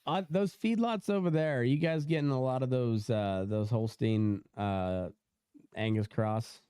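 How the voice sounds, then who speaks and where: A young man hosts a loose podcast conversation, rambling through fillers and restarts and breaking into laughter often. His voice comes through smooth and clear. The sound is dry and close, with no room in it. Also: mid-range voice, measured pace, dark tone, dry recording. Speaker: podcast host. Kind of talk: casual podcast chat.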